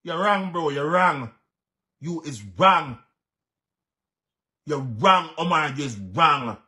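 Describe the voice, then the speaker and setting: His voice is on the high side with a sharp tone, and he speaks slowly. A Jamaican-accented social media commentator, he gives heated vlog commentary, mixing patois and English and repeating himself for emphasis.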